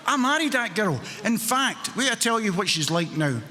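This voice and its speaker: A man's voice: high voice, sing-song, moderate pace, pushed and bright, in a large hall. A Scottish man in his sixties telling funny, self-mocking stories at a recovery meeting, laughing often. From Scotland. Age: 60s. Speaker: AA meeting speaker. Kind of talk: storytelling talk.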